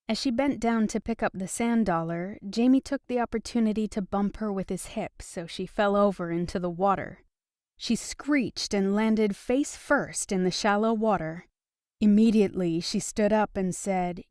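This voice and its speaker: Steady woman reading a romance novel. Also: medium pitch, moderate pace, no room sound, clean studio sound. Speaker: audiobook narrator. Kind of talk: scripted narration.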